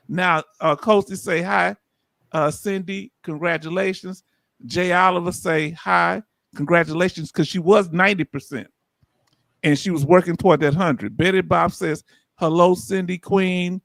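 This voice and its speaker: Animated Southern man hosting a livestream. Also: high voice, vocal fry, dry recording. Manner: animated, reads comments aloud, folksy. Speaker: livestream host. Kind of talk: casual livestream talk reading viewer comments.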